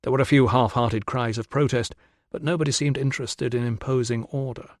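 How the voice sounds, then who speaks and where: A male audiobook narrator reads in an even, mid-pitched voice. The sound is close and dry with no room around it. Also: brisk, no echo. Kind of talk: scripted narration.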